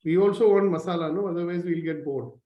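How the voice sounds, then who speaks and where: A man's voice: high voice, fast talker, echoey room, lo-fi sound. A man with an Indian English accent, coaching people over a video call in a teasing, questioning way, telling little stories. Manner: teasing, questioning, lively storyteller. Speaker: leadership coach hosting a morning call. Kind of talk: conversational coaching talk.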